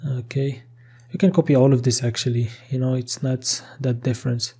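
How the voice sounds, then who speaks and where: A man's voice: medium pitch, level tone, normal speed, dark tone, husky. A man talking through a coding tutorial as he types, thinking aloud with frequent "okay" and casual restarts, with keyboard typing behind him. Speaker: programming tutor. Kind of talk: screen-recorded coding tutorial.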